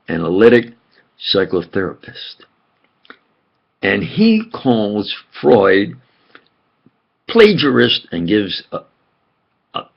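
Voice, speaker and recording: Older man, New York accent, rambling halting talk, husky voice, muffled lo-fi recording. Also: sits low. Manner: slow and halting, with many fillers and restarts. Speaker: channel host. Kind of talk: rambling monologue.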